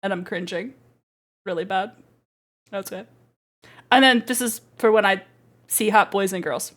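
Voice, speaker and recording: A woman's voice: medium pitch, unhurried. A woman VTuber chatting casually on a livestream, giggly and rambling, playful. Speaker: VTuber streamer. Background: faint background music.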